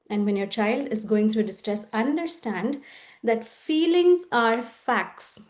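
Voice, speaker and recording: A woman with a fairly high voice leads a parenting presentation. She speaks in an engaging way and often asks the audience rhetorical questions. She slips into the voices of parents and children to act out everyday scenes. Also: darkish tone. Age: adult. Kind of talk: educational presentation.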